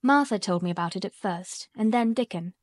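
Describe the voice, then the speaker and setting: A woman's voice: medium pitch, brisk, dry recording, studio quality, natural voice. Woman reading as a blunt stubborn girl. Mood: earnest. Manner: blunt, obstinate. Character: stubborn contrary young girl. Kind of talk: audiobook character reading.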